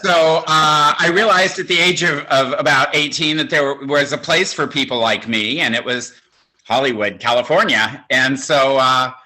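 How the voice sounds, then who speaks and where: A man's voice: medium pitch, moderate pace, sharp tone, low-quality recording. A man in his sixties doing stand-up comedy, telling campy, self-mocking stories. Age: 60s.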